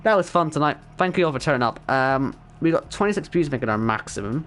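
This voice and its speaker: A man, hoarse and worn out, casually wrapping up an esports race stream and chatting with viewers. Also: a little high, lively intonation, fast, fairly bright tone. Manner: chatty, reads chat aloud, self-deprecating. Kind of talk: casual stream sign-off commentary.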